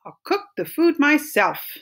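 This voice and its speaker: A woman's voice: high voice, big pitch swings, measured pace, fairly bright tone, voice pushed up, heavily acted. A woman voicing a hardworking, fed-up female iguana in a storybook read-aloud, emphatic and exasperated. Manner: eager, then exasperated, emphatic.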